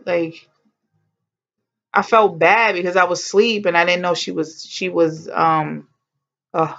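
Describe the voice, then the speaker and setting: A woman's voice: lowish voice, steady tone, measured pace, vocal fry, a bit bright, lo-fi sound. A woman vlogger telling a personal story in a chatty, heartfelt way, with exclamations and slang.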